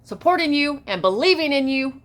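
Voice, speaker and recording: A woman talking straight to camera in a casual motivational monologue, emphatic and repeating herself, moving between hushed and shouted lines. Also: high-pitched, expressive, fairly quick. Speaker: vlogger.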